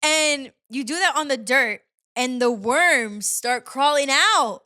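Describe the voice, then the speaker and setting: Woman podcast host chatting, kinda high voice, keeps going off on tangents and giggling. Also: slow, pushed and bright. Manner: rambling, goes on tangents, giggly. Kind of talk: casual chat.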